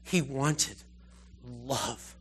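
A man giving an informal, conversational sermon, retelling scripture with animated asides. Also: medium pitch, drawn-out words, slight background noise. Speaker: preacher.

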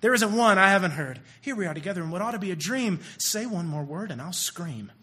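A man's voice: high-pitched, expressive, a little fast, sharp tone. A man singing the part of an exasperated young woman who is sick of hearing words and wants proof of love. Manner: sung, exasperated.

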